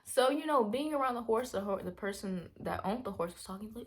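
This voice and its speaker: A woman vlogger casually telling a rambling personal story, acting out her own reactions in hushed asides. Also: a little high, fairly quick, hardly any pauses. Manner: animated, rambling, quotes herself in hushed asides.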